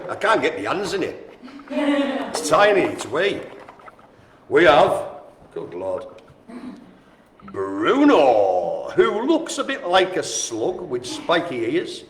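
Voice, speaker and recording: A man hosting a live-streamed bingo game, jokey and chatty, calling out names and often addressing the audience as ladies and gentlemen. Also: a little high, slight background noise. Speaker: bingo host. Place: indoor room at a care home. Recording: roomy with faint ambience.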